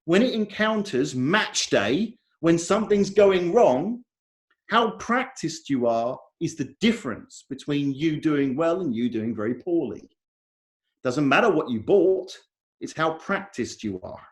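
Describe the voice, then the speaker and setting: A man's voice: fairly high pitch, very animated, measured pace. A man with an English accent giving a technical conference talk over a video call, emphatic and repeating his key points. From England. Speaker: conference speaker.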